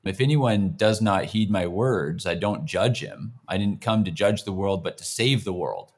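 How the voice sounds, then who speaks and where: A man hosting an interview, speaking in a fairly low voice. He reflects on scripture and restates his guest's points. His manner is thoughtful and measured. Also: expressive. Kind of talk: conversational interview talk.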